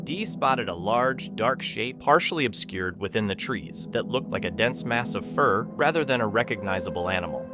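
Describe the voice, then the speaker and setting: A man giving a measured, scripted narration of an eerie account. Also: lowish voice. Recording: voice-over with music behind.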